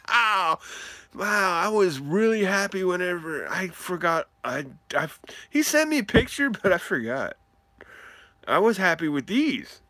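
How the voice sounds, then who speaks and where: Animated excitable man, slow and bright. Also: high voice, dry recording. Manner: animated, whoops and laughs often, talks to chat. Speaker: card collecting live streamer. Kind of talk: excitable live stream mail-day chat.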